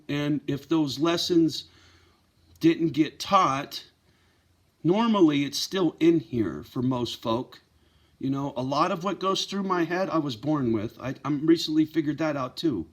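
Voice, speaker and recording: A man running a pit bull rescue channel, talking bluntly and emotionally to his viewers in a profane, heartfelt vlog. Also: a little high. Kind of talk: candid direct-to-camera vlog.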